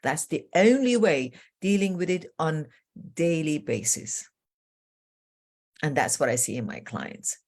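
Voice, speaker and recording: Woman, low voice, middle-aged, transformational coach, animated earnest storyteller. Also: a little slow, long pauses. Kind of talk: interview guest telling stories.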